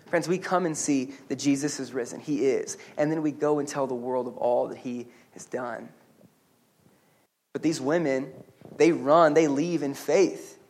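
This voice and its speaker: A man preaching a sermon as pastor at a church service, animated and humorous, with quick restarts and asides. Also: medium pitch.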